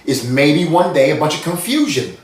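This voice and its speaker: Speaking at a moderate pace with big pitch swings in a higher register, an American man hosts a spiritual channel. His earnest monologue meanders and repeats, restarting and circling back as he explains his ideas, and the roomy recording places the mic at a distance.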